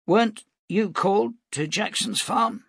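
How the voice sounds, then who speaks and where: Frail old prophet, played by a male reader, firm voice pitched high, dry close sound. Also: measured pace, vocal fry, a bit bright, husky, dry recording, full character voice. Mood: probing. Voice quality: strong, firm voice.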